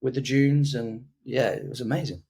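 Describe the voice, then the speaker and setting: A man's voice: mid-range voice, fairly even intonation, normal speed, warm tone. A man co-hosting a podcast in casual chat, hesitant and fumbling for words. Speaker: podcast co-host.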